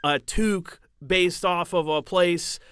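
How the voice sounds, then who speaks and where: A man's voice: slow pace, fairly bright tone, smooth, no echo, studio quality. Jokey, rambling man. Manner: jokey, rambling, trails off low. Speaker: podcast co-host. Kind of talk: casual chat.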